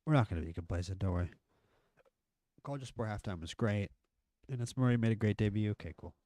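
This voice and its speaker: A man live-streaming a football management game, chatting through the match and getting excited at near misses and goals. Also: lowish voice, quick pace, no room sound. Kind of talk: live gameplay commentary.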